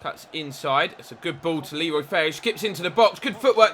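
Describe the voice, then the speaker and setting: A young man giving excitable play-by-play commentary on his own football video game match, with asides about his tactics. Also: fairly high pitch, fairly quick. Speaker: gaming YouTuber.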